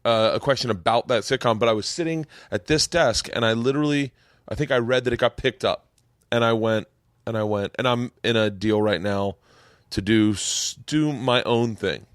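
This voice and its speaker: A man's voice: medium pitch, moderate pace, no room sound, studio quality. A man hosting a podcast, telling a story in a rambling way, repeating words and getting emotional. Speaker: podcast host. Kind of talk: casual chat. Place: home podcast studio.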